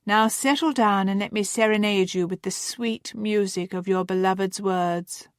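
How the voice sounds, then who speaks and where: A woman's voice: mid-range voice, normal speed, smooth, no echo, studio quality, lightly acted. A woman voicing a playful, teasing young woman who reads her sister's letter with theatrical flair.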